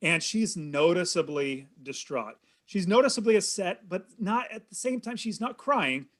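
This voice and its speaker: A man in his thirties tells a personal story as a podcast guest, earnest and animated. His voice sits a little high for a man. He talks plainly and warmly to his host. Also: moderate pace. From California. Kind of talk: storytelling in an interview.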